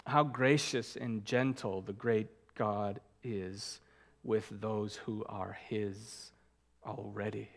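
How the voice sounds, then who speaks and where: A man preaching a sermon as a pastor, earnest, slowing down to stress key words. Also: fairly low pitch, fairly even intonation.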